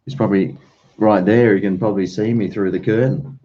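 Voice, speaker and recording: A man's voice: on the low side, fairly even intonation, brisk, dark tone, slight background noise. An Australian man hosting a live stream at home, rambling casually to viewers, full of slang and "mate". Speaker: livestream host. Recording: dull lo-fi stream audio.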